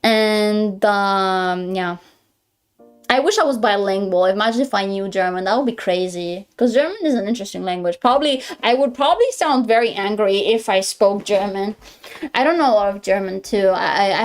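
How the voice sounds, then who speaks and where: Rambling young woman streamer. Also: medium pitch. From Greece. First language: Greek. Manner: rambling, self-correcting, stammers and laughs often. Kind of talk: casual live-stream chat.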